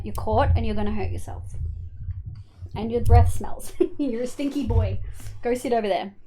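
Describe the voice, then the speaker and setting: A young Australian woman with a fairly high voice talks through a game stream in a loose, candid way. She thinks aloud about what to build, swears without a second thought, and breaks off to fondly tell off her cat. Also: a little hiss or hum. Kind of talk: casual live-stream chat while gaming.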